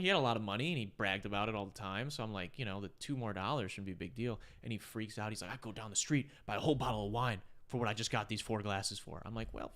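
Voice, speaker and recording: A young man in casual podcast chat, telling stories with lots of swearing and sudden jumps into high voices for quoted lines. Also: fairly bright tone.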